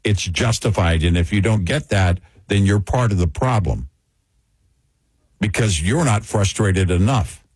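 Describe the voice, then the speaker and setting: A man hosting a political talk show, speaking in a frustrated, emphatic way with a husky voice. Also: on the low side, animated, measured pace, a little mellow, dry recording.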